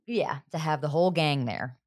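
A woman co-hosting a podcast, chatting casually with wry, quick asides and laughter. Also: low voice, a little mellow. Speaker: podcast co-host. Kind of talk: casual chat.

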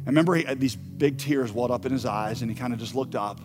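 A male pastor preaching a sermon, telling a story that swings from hushed to loud and emphatic. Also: mid-range voice, quick pace, music in the background.

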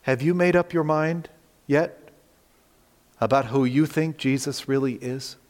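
Male pastor, slightly high voice, earnest sermon delivery with emphatic repetition, long church reverb. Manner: earnest, direct appeals to listeners with emphatic repetition.

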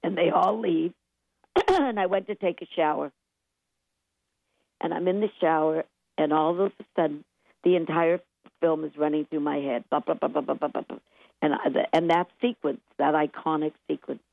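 An older woman with a fairly low voice tells lively showbiz stories, slipping into the voices of the people she quotes. She sounds thin and tinny, as if she is on a phone line, and the sound is dry and close. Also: normal speed, creaky, pauses often, no echo. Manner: lively anecdotes, acts out quotes, laughs often. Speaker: guest songwriter. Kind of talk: animated storytelling interview.

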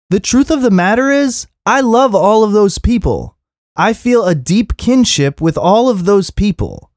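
A man in his thirties with a somewhat high voice delivers a heated, profane rant. His pitch leaps and swoops with emphasis, and the recording is close and dry with no room sound. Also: a little mellow, dry recording. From Philadelphia area. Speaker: podcast host. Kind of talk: impassioned monologue.

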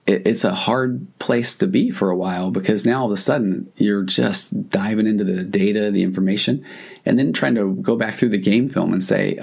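Gravelly, husky man hosting a podcast. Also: lowish voice, normal speed, a little mellow. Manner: earnest and reassuring, speaks directly to the listener. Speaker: podcast host. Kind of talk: reflective podcast monologue.

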